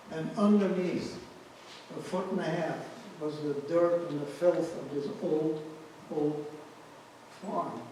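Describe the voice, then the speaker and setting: A man's voice: fairly high pitch, mellow, slight background noise. A man in his eighties giving spoken testimony to an audience, telling his story earnestly and repeating words for emphasis. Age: 80s. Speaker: Holocaust survivor giving testimony. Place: large community event hall. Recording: echoey hall, voice from far off.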